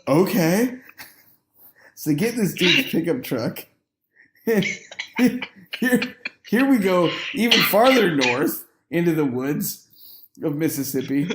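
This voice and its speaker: A man's voice: a little high, lively intonation, unhurried, roomy sound, noisy background. A man telling a long story as a podcast guest, acting out the quoted lines and laughing often. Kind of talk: casual storytelling.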